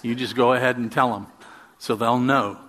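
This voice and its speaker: A man in his sixties quoting the Lord as gently urging him, in a calm, coaxing voice. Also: medium pitch, normal speed, voice pushed down, lightly acted.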